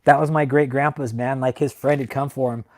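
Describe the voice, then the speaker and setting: A man's voice: mid-range voice, fairly even intonation, brisk, a little mellow. A young man hosting a casual livestream, rambling and emotional, swearing heavily and ending his sentences with "man". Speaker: channel host. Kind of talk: casual livestream talk to viewers.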